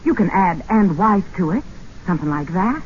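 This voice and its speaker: Woman voicing a young scheming southern lady, earnest and urgent, lively high voice, muffled old film sound. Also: moderate pace, slight background noise, close to an everyday voice. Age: young adult.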